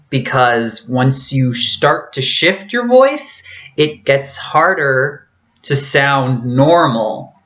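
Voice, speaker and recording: A woman's voice: a bass voice, fairly bright tone, highs cut off. A woman vlogger giving an earnest, casual tutorial with a theatrically trained voice and many fillers.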